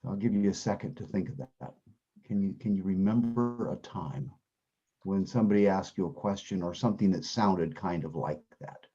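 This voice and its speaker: A man's voice: deep voice, normal speed, warm tone, slightly rough, lo-fi sound. A man teaching a Bible class, talking conversationally, asking the class questions and repeating his key phrases. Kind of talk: interactive class lesson.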